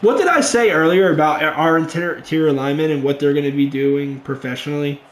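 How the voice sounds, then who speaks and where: A young man giving let's play commentary over a football video game, muttering low between plays and yelling when big plays happen. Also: fairly quick, reverberant, slight background noise. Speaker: gaming YouTuber.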